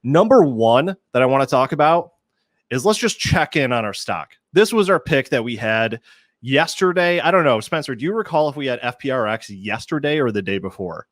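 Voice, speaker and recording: A man's voice: mid-range voice, animated, normal speed, dry recording. A young man hosts a live stock-trading stream in a casual, joking way. He pokes fun at himself while explaining charts. His voice sits mid-range and is recorded dry and close. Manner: joking, upbeat, self-mocking. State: slightly out of breath. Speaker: host. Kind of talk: live market show chat.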